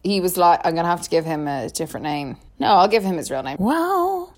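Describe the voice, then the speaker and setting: A young woman co-hosting a podcast tells a long story casually, chatty, full of "like" and laughing often. Her voice is on the low side with big pitch swings, and she speaks fairly quickly.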